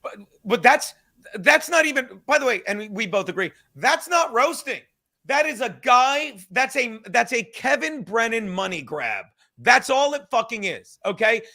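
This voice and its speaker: A man's voice: very high voice, sing-song, pushed and bright. A man hosting a podcast, ranting heatedly with lots of swearing and rambling restarts. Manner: profane, heated, rapid rambling. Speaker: podcast host. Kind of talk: casual podcast rant.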